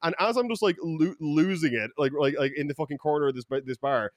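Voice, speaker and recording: A young Irish man telling stories in casual podcast chat, rambling and swearing, with lots of fillers and loud outbursts. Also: a little high, quick pace, no echo. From Ireland. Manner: profane, rambling, many fillers and restarts, loud bursts when excited. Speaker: podcast co-host.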